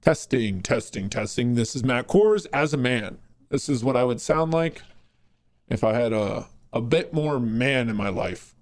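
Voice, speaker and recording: A man's voice-changed extra-manly deep voice. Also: animated, a little slow.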